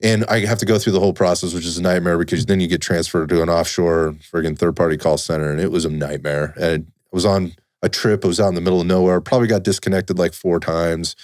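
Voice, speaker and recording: A man telling a personal story in casual conversation, animated and swearing casually. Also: low voice, fast talker, few pauses, dry recording, clean studio sound. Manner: animated, acts out quoted dialogue, swears casually.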